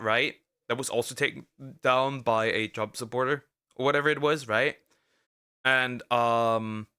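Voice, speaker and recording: A man streaming as a vtuber, talking in casual react commentary, rambling and halting with lots of fillers and restarts and speaking out bluntly. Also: mid-range voice, pushed and bright. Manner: outspoken, ranting.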